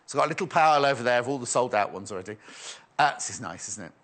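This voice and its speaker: On a live shopping broadcast, a man talks very fast in a medium-pitched, fairly bright voice with plenty of animation. His patter wanders as he jokes around and reads viewer messages aloud.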